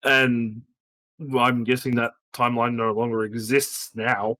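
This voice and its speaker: Male podcast co-host, tense bright timbre, stammering casual recap. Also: mid-range voice, level tone, measured pace, rough recording. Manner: stammering restarts, laughing asides. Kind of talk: casual spoiler podcast chat.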